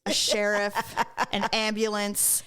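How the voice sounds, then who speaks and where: Woman, podcast co-host, casual storytelling, foul-mouthed, mid pitch. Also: slow pace, clear, resonant tone. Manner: animated, profane storytelling.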